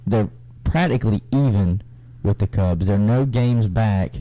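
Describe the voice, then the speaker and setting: A young man co-hosting a casual radio sports talk show, reading standings in a relaxed, drawling way. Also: fairly low pitch, measured pace, low-quality recording. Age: young adult.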